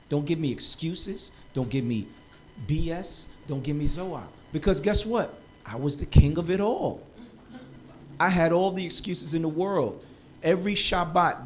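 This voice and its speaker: A man leads a live class in a slightly high voice. He jokes with his students, then builds into a rousing, preacher-like push for them to study. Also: slight background noise. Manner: lively, joking, preacher-like urging. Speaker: Hebrew teacher.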